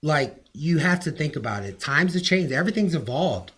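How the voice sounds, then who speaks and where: A man's voice: a little high, lively intonation, moderate pace, fairly bright tone, husky. A man in a casual podcast debate, arguing animatedly and leaning on "like" as filler.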